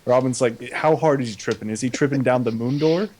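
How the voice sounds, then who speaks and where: Brief: young male co-host, casual comedic recap, slangy offhand delivery, mid-pitched voice. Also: fairly quick, darkish tone. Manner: goofy paraphrasing with slangy quoted voices.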